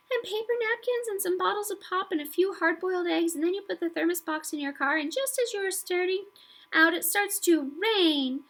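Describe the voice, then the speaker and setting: A woman reading aloud, voicing a tiny, eager little girl who speaks in a small, high voice in long run-on sentences. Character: tiny red-headed young girl, eager.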